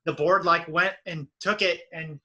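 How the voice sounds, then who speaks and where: Bright-voiced young man, chatty. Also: on the high side, steady tone, a little slow, poor audio. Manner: chatty, lots of "like" fillers, explains his project step by step. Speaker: podcast co-host. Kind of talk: casual chat.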